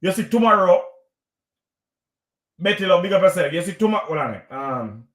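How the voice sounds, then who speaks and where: A man's voice: high-pitched, very animated, normal speed, fairly bright tone. Preachy Jamaican man in echoey room. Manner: preachy, lecturing, repeats himself. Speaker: vlogger hosting a live stream. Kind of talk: live-stream commentary.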